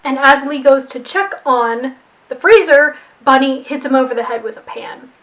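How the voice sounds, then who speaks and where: A chatty woman with a high voice walks through a movie plot she rewrote, tossing in wry, playful asides. She talks casually, like she is telling a friend about it. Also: moderate pace, a bit bright, faint music behind, poor audio. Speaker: screenwriter rewriting a movie plot. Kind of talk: casual storytelling recap.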